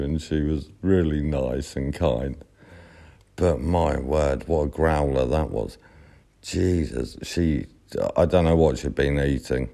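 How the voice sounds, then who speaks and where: A man tells a casual story in an unusually deep, dark voice. He speaks slowly and meanders with fillers and restarts. The effect is a relaxed, unhurried monologue. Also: gravelly. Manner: rambling, halting, full of fillers and restarts. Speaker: podcast storyteller.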